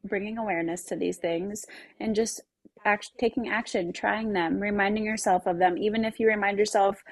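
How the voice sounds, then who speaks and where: Gravelly-voiced woman chatting on a podcast. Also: medium pitch, moderate pace, no echo. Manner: relaxed, laughs often, talks about parenting with her kids. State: pregnant. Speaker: podcast co-host. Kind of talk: casual chat.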